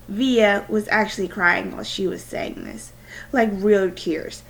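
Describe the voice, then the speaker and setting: A woman's voice: mid-range voice, steady tone, unhurried, creaky, poor audio. A woman teacher with a cold reading a novel aloud to her class, with small stumbles. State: has a cold.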